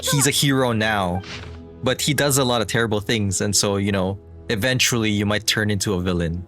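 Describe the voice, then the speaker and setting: A man's voice: on the low side, a little fast, a bit bright, faint music behind. A man streaming a game, chatting casually in a rambling way with many restarts and frequent laughs. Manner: rambling, lots of fillers and restarts, laughs often. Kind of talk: casual gameplay commentary.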